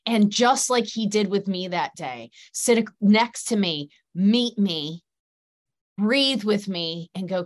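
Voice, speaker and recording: A woman's voice: medium pitch, expressive, takes it slowly. A middle-aged woman, a guest practitioner in an interview, speaking earnestly in long, flowing, emphatic sentences. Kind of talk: conversational interview.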